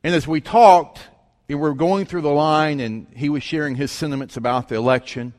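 A man preaching, telling a story in an animated way and acting out the voices of the people in it. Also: fairly high pitch, moderate pace. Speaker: pastor. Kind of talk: sermon storytelling. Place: church sanctuary. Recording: long reverb of a large hall.

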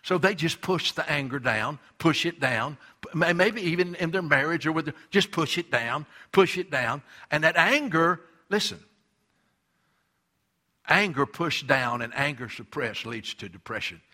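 Preacher guy, high-ish bright voice, punchy repeats, does little voices for people. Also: lively intonation, normal speed. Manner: emphatic preaching, repeats phrases, acts out quoted voices. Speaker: pastor. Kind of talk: sermon.

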